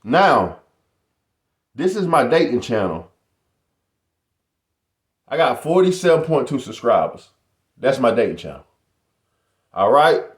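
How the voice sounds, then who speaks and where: Animated man in an echoey room. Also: mid-range voice, slow, long pauses. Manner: animated, boastful, addresses viewers as "y'all". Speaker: YouTuber. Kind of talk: casual motivational vlog.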